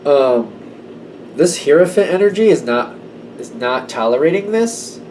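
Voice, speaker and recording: A man's voice: fairly high pitch, expressive, a little slow, a little mellow, distant mic, slight background noise, rough recording. Emphatic man giving a tarot reading. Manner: conversational, emphatic, slips into quoted voices. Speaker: tarot reader. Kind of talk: casual tarot reading to camera.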